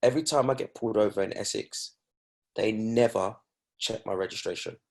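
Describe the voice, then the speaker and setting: A man's voice: fairly low pitch, fairly quick, creaky. A young man, a guest in a casual chat, telling stories in an emphatic, indignant way.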